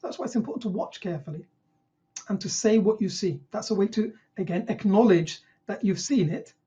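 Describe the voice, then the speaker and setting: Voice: medium pitch, a little fast, warm tone, dull audio. A GP trainer teaching an online session, who asks rhetorical questions and acts out what patients might say.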